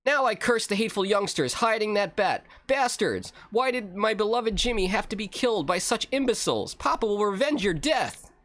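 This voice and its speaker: A man voicing a grieving, vengeful father from a video game, reading his lines in an overwrought, theatrical way, pitched up from his normal voice. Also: lively intonation, normal speed, few pauses, fairly bright tone, dry recording. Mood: vengeful grief.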